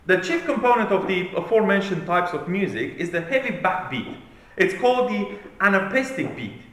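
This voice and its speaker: Male preacher, high lively voice, emphatic sermon delivery, heavy room echo. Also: moderate pace. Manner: emphatic, declamatory reading. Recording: very echoey room.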